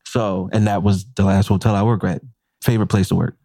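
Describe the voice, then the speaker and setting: His voice sits low, a little fast and with vocal fry, in a clean studio recording without room sound. A chef co-hosting a podcast, he animatedly shares a profane work story in casual talk and acts out the quotes.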